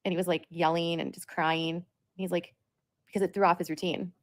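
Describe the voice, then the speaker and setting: A woman's voice: on the low side, little pitch movement, a little fast. A woman talking on a livestream in a rambling, repetitive way, with lots of "like". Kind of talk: livestream monologue.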